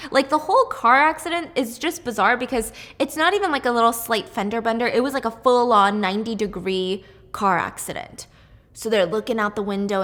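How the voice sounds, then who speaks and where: A young woman with a somewhat high voice tells a story while she bakes, chatty and animated, slipping into the characters' lines as she goes. Her voice rings out with a long reverb around it. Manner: animated, chatty, acts out quotes. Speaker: storytelling baker host. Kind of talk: casual storytelling while baking.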